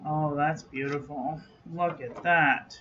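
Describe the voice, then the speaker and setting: Slow-talking man, muffled lo-fi home recording. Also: on the high side, fairly even intonation, bright, forceful tone, a little hiss or hum. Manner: chatty, reads product details aloud in clipped lists. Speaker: host. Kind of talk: casual product review vlog. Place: own room at home.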